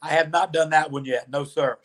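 A man with a somewhat high voice tells stories as a podcast guest. He is animated and chatty, and he acts out other people's lines as he goes. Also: brisk. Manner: animated storyteller, acts out quoted dialogue. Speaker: podcast guest, former pro wrestler. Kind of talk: storytelling interview answers.

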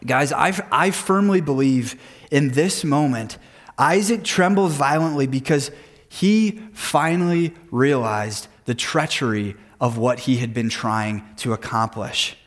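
A man's voice: mid-range voice, a little slow. A man in his thirties, a men's group leader, giving an earnest devotional talk full of personal stories. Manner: earnest storytelling with personal anecdotes.

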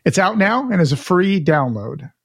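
A man co-hosting a casual retro gaming podcast, chatty and relaxed, reading out listener news with his own asides. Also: sits high, normal speed, husky, no room sound, clean studio sound. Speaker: podcast co-host.

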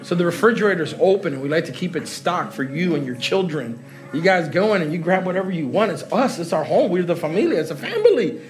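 High-voiced, animated male preacher. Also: fast talker, soft background music. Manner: animated, joking preacher who laughs with the congregation. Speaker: pastor. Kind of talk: sermon. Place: large church hall.

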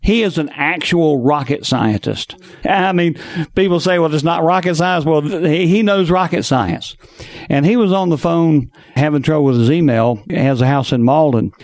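A man's voice: a little high, moderate pace, darkish tone, no room sound. Storytelling male host, dry sound. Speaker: financial planner host. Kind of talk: conversational interview.

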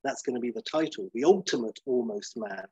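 A man casually pitching a film idea, rambling with many fillers and restarts. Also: fairly quick, mellow, husky, no room sound, muffled recording. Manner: rambling, full of fillers and restarts, acts out the characters.

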